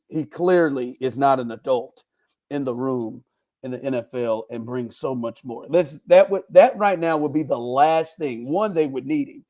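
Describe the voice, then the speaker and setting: A man hosting a casual sports podcast, telling stories with playful mock indignation. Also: medium pitch. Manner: animated storytelling, playful indignation. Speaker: podcast host.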